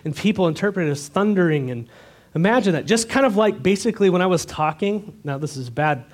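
A man's voice: high voice, expressive, brisk. A man preaching a sermon to his church, earnest and direct, asking the congregation rhetorical questions. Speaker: pastor.

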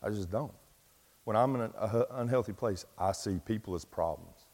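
In a long-reverb recording from a large hall, a middle-aged man speaks at a fairly low pitch and normal speed with a darkish tone. He is an East Tennessee pastor telling a self-deprecating story in a folksy sermon with lots of fillers.

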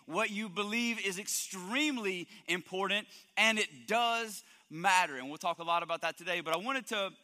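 Bright-voiced pastor man in a reverberant hall. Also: on the high side. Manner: energetic, joking with the congregation. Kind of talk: sermon. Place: church hall.

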